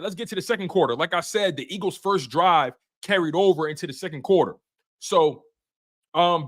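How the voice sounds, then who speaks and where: A man's voice: sits high, bright, forceful tone. A man hosting a sports recap show, talking in a casual, emphatic way, repeating key points and using slang. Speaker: sports podcast host.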